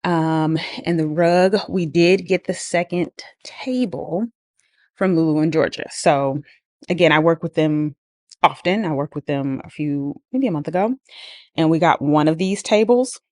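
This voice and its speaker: A woman's voice: deep voice, moderate pace, darkish tone, no echo, clean studio sound. A woman giving a casual, rambling home tour walkthrough with lots of ums and likes, slightly out of breath as she walks around a living room. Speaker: home decor vlogger.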